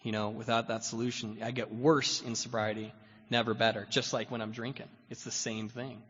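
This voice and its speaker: Forceful man rambling in a reverberant hall. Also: medium pitch, flat delivery, fairly quick, husky. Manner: rambling and self-deprecating, full of "you know". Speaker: guest speaker at a recovery meeting. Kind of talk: personal recovery testimony. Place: meeting hall. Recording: dull lo-fi hall recording with long reverb.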